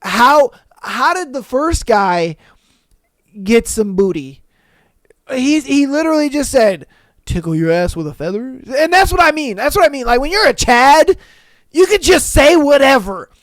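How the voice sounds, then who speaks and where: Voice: high-pitched, animated, measured pace, no room sound. A podcast host chatting casually and jokingly on their own, using lots of slang, laughing at their own bits and slipping into exaggerated voices for quotes. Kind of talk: casual solo podcast chat.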